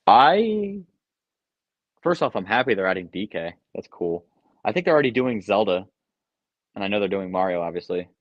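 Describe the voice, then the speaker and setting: A man's voice: sits low, brisk, no echo. A young man hosting a live stream, reading chat questions and answering them offhand with many ums and uhs. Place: basement room at home. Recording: dull lo-fi sound.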